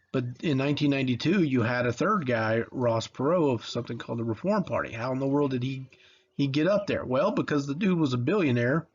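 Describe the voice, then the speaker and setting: A history teacher in his forties from Mississippi gives a casual, conversational lecture that rambles, with lots of fillers and restarts. His voice is mid-range, and the recording sounds lo-fi.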